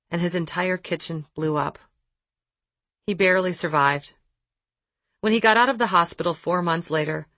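A woman reading an advice letter and her reply aloud in a measured, reflective way. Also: on the low side, a bit bright, no room sound.

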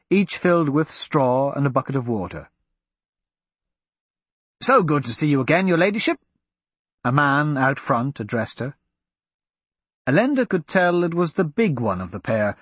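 A man narrates a storybook with an expressive, varied delivery. His voice is husky and swings widely in pitch. The recording is dry and close, with no room sound. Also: moderate pace, dry recording. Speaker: audiobook narrator.

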